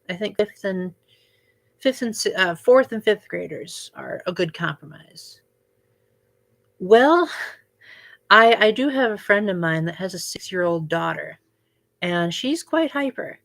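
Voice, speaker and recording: A young woman hosting a casual livestream, chatting with viewers and filling her talk with "like" and "um". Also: mid-range voice. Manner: chatty, frequent "like" and "um" fillers. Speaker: livestream host.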